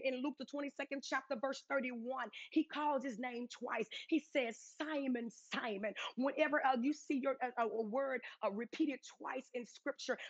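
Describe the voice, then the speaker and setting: A woman's voice: high voice, no echo, lo-fi sound. A woman evangelist preaching a sermon with fervent, repetitive exclamations. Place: home or studio, pre-recorded.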